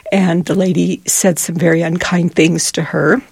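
A woman's voice: fairly low pitch, fairly even intonation, moderate pace, gravelly, darkish tone, slightly rough, no room sound. A middle-aged woman volunteer answering interview questions, telling stories with earnest emotion. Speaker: charity volunteer.

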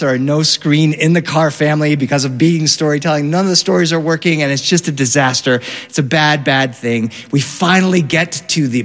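Man, storyteller, somewhat high voice, animated, long reverb of a hall. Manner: animated, big swings between excited and hushed. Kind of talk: personal storytelling.

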